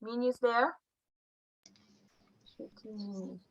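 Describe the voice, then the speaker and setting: A woman teaching a group, giving slow and careful instructions and repeating each phrase for them. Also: fairly high pitch, steady tone, husky, lo-fi sound. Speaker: neurology instructor.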